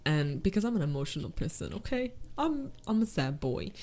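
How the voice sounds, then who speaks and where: A young woman from Oklahoma chats on a podcast with a pitch that swings widely. She tells animated stories and breaks into loud laughter. Her voice sits at a middling height. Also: a little fast, a little hiss or hum. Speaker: podcast co-host. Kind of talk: casual chat.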